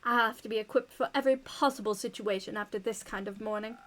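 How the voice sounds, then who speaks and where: A woman's voice: fairly high pitch, fairly even intonation, quick pace, fairly bright tone, slight background noise, close to an everyday voice. Woman doing a haughty British knight lady. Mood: urgent. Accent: attempted British. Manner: haughty, grandiose. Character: haughty noble female knight devotee.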